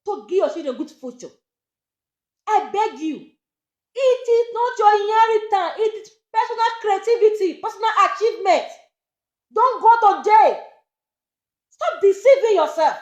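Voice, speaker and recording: A woman's voice: extremely high pitch, animated, normal speed, long pauses, echoey room, muffled recording. A Nigerian woman, a social media presenter talking to camera, pleading and scolding again and again.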